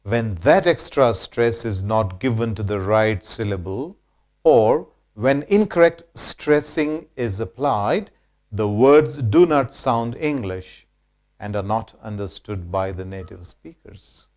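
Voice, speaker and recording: A man from India teaching English pronunciation in a slow, deliberate scripted lesson, repeating example words for drill. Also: on the low side, expressive, a little mellow.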